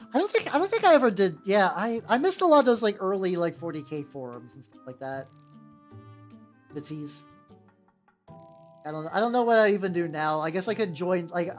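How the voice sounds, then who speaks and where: A woman streaming as she paints miniatures, chatting casually, stammering, repeating herself and swearing freely. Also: on the low side. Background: faint background music.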